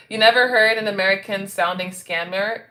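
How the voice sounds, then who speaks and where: Bright-voiced chatty woman live-streaming. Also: medium pitch, normal speed. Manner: chatty, reacts to comments, laughs often. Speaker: livestream host reading chat. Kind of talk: casual livestream chat.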